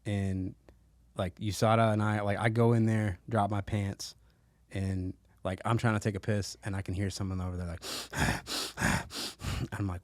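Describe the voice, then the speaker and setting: Laid-back, swearing fighter guest. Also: male voice, lowish voice, fairly even intonation, measured pace, no room sound. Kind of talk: casual interview.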